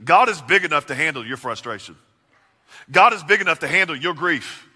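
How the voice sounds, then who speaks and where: Bright-voiced preacher man in a reverberant hall. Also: on the high side, animated, brisk, husky. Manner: dynamic preaching, swinging from loud emphasis to hushed, intimate questions. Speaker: pastor. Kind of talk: sermon. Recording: long reverb of a large hall.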